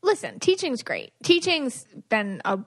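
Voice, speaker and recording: Teasing woman with a higher voice. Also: huge pitch swings, unhurried. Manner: teasing, probing questions. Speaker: podcast co-host. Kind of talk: casual chat. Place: home dining room.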